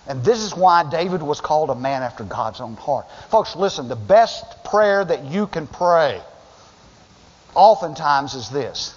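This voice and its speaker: A man's voice: a little high, lively intonation, unhurried. A male pastor preaching a sermon with passion, stumbling over restarts and acting out the voices of people in the story. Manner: impassioned, acts out quoted voices, stammering restarts. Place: church sanctuary. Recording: dull sound in a long-reverb sanctuary.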